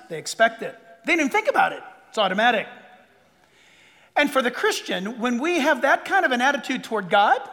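A man preaching a sermon as pastor to a congregation, animated and emphatic, with asides and quoted voices. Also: extremely high pitch. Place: church hall before a congregation. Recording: long reverb of a large hall. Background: audience laughter.

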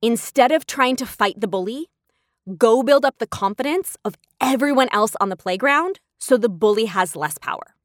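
A fairly high-voiced woman in her thirties hosts a casual podcast and talks with lively energy. She acts out the replies she quotes. The sound is close and dry. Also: moderate pace, dry recording. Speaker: podcast host.

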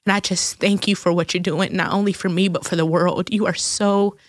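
A woman in her thirties talks in a casual faith chat, emotional and effusive, tearful at times. Her voice sits fairly low, and the sound is close and dry. She speaks with heartfelt feeling. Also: fairly even intonation, a little fast, no room sound. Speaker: guest.

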